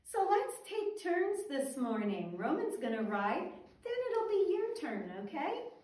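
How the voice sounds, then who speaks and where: A woman teaching a Sabbath school class for toddlers, talking in a gentle, sing-song way as she tells a story and coaxes the children. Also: high voice, sing-song, measured pace. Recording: roomy echo, mic at a distance, faint music.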